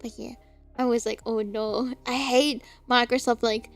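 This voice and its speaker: A young woman streamer chats casually, her voice sitting high. She laughs a lot and drops the odd swear word. Faint music plays quietly underneath. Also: steady tone, a little slow. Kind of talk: casual chat.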